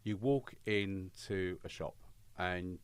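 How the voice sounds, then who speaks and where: A man's voice: low voice, slow, clear, resonant tone, no echo. A middle-aged man, a chef and podcast guest, musing and rambling in casual chat.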